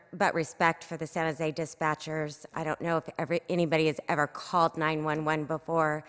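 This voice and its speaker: A middle-aged woman, giving an emotional, urgent public comment at a council meeting through a podium microphone. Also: low voice. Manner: earnest, urgent, emotional pleading. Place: city council chamber. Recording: echoey council chamber.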